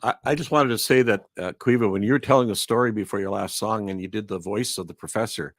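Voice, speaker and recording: A friendly man songwriter chats with laughing asides. His voice is on the low side and sounds dry and close, with no room behind it. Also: quick pace, dry recording. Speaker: singer-songwriter guest. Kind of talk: casual chat.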